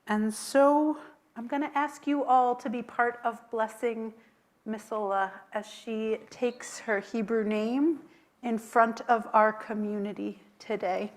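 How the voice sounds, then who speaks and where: A woman's voice: on the high side, steady tone, slow pace. A woman rabbi leading a worship service in a synagogue, speaking tenderly and chanting Hebrew blessings. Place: synagogue sanctuary.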